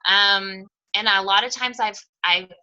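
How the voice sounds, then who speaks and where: Woman coach hyping up her team, super bright sharp voice, candid, mild swearing. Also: medium pitch, steady tone, unhurried, dull audio. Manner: candid and emphatic, with mild swearing and self-deprecating humor. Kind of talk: motivational team call talk.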